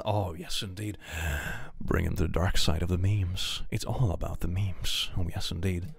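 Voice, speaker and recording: A young man chatting casually on a livestream, reading viewer messages aloud, animated, laughing often and repeating phrases. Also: sits low, moderate pace, gravelly, breathy edge, no echo. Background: faint background music.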